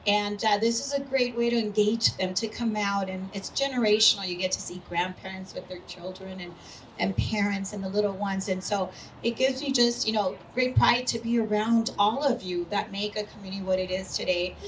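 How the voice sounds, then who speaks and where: A woman's voice: mid-range voice, steady tone, moderate pace, recorded from a distance, slight background noise, rough recording. Woman giving an outdoor ceremony speech. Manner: friendly, thankful, loose with fillers. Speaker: local official giving a speech.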